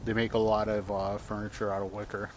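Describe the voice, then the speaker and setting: A man's voice: fairly low pitch, monotone, fairly quick, a little hiss or hum. A man giving casual, offhand commentary while playing a video game, cracking jokes as he goes. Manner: joking, offhand. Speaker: gamer.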